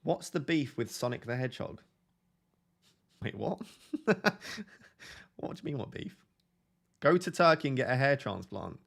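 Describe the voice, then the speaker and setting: A man's voice: medium pitch, lively intonation, normal speed, vocal fry, pauses often. A man hosting a casual fantasy football live stream, reading viewer comments aloud and joking and laughing with them.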